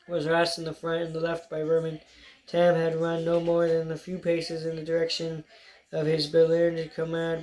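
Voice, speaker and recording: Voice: medium pitch, a little mellow, poor audio. An audiobook narrator reading a story aloud in a plain way, with stumbles now and then.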